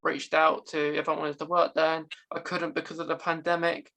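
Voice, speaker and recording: Bright, flat-toned podcast host. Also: mid-range voice, normal speed, gravelly. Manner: supportive, agreeing listener. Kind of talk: casual conversation.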